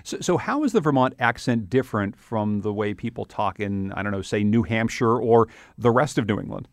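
A man hosting a public radio news show, introducing guests and segments in a measured, scripted way. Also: fairly low pitch, lively intonation.

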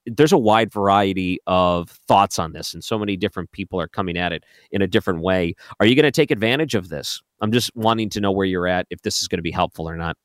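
Male talk radio host, lowish voice, loose and chatty, close dry mic. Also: quick pace, few pauses, no room sound. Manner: chatty, joking asides. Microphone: studio microphone.

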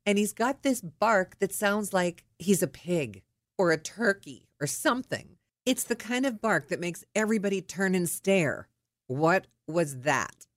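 A middle-aged woman telling a personal story in a lively, indignant way. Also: on the low side, dry recording, studio quality. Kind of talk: personal anecdote.

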